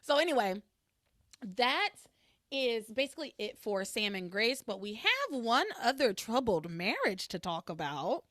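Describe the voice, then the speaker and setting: Podcast host, woman, lively swooping pitch, dry close sound, swears a lot. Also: a little slow, no room sound. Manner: animated, expressive, swears freely. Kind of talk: casual chat.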